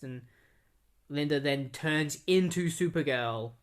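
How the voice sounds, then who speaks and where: A man's voice: mid-range voice, normal speed, fairly bright tone. Rambling young man recapping comics. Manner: rambling and conversational. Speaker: comic book reviewer. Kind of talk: casual comic book recap.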